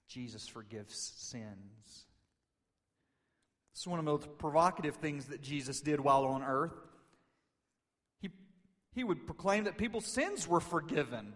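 A man preaching a sermon, retelling a story casually in quoted voices and rising to loud, emphatic peaks. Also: fairly high pitch. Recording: long reverb of a large hall.

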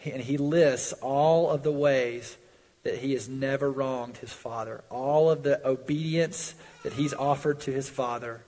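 A man preaching a sermon in earnest, swelling loud on pleas and dropping low on warnings, in a church sanctuary. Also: fairly even intonation, measured pace. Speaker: pastor. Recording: long hall reverb.

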